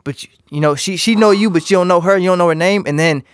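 A man's voice: high voice, fast, clear, resonant tone, no room sound, clean studio sound. A young man in casual, crude banter with a co-host, joking and laughing in loose slang.

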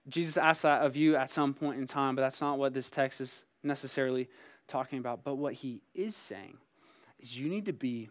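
A young adult man, a site pastor, preaching a sermon in a casual, storytelling way and acting out bits of dialogue. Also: mid-range voice. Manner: conversational storytelling, acts out dialogue.

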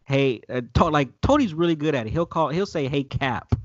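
Brisk and fairly high-pitched, a man hosting a podcast runs through a TV episode in casual, profane chat full of animated quoted voices. The sound is dry and lo-fi.

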